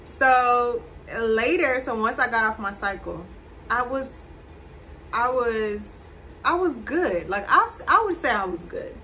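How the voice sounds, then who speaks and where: A young adult woman telling a personal story to camera in a casual, animated vlog chat. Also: a little high, a little slow, slight background noise. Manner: chatty, animated, addresses viewers. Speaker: vlogger.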